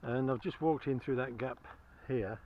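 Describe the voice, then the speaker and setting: A man's voice: medium pitch, moderate pace, highs cut off, slight background noise. A man chatting cheerfully to the camera as he metal-detects outdoors, chuckling and enthusiastic about each find. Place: outdoors in a field.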